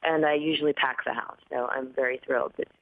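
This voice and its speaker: A woman talks through a thin, phone-like line, her voice a bit groggy and dry after a red-eye flight. She chats easily as a guest, with fillers and quick laughs along the way. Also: a bass voice, fairly even intonation. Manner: chatty, laughs often, many fillers. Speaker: singer and guest. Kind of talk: casual interview chat. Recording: tinny phone-line audio.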